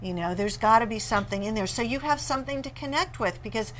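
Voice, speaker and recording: A woman author, a guest in an interview, telling animated and playful stories about marriage. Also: fairly high pitch, fast, slight background noise, rough recording. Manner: animated storyteller, playful and laughing. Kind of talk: conversational interview.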